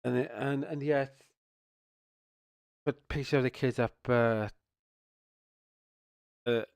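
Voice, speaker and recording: A man's voice: medium pitch, fairly even intonation, takes it slowly, gravelly, darkish tone, clear, resonant tone, no echo, clean studio sound. A man streaming casual ranting commentary, rambling, swearing, stumbling over his words and restarting often. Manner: rambling, swears, stumbles and restarts, repeats "you know what I mean".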